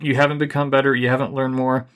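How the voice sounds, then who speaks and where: A middle-aged man co-hosting a podcast, giving relationship advice in a calm, even, deliberately unhurried way. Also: mid-range voice. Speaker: podcast co-host. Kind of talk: casual advice chat.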